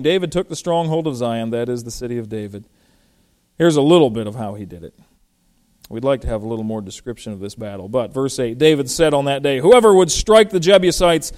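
Smooth-voiced man teaching a Bible passage. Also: mid-range voice. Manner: conversational, animated, with frequent fillers and restarts. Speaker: pastor.

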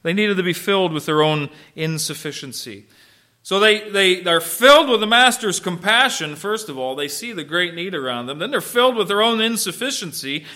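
A man delivers a sermon in a high, bright voice. He preaches in an animated, conversational way, often asking his listeners questions and answering them himself. He swings from loud, punchy emphasis down to soft, hushed asides. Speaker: pastor.

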